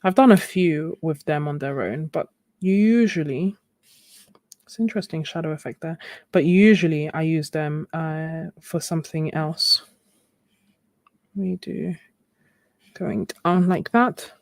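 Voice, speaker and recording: A young woman with a lowish voice talks casually to her viewers while she paints, answering their comments and laughing often. The sound is dry and close, with no room around it. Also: measured pace, pauses often, darkish tone, no room sound. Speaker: live-stream art host. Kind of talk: casual chat while painting on a live stream.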